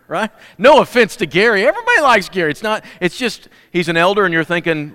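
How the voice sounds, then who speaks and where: A man preaching in a relaxed, folksy manner, chatting with the congregation and joking between points. His voice is smooth and resonant, pitched a little high. The sound carries a long reverb from the church room. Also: brisk, hardly any pauses. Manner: folksy, joking, many restarts. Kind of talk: casual sermon with announcements. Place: church sanctuary.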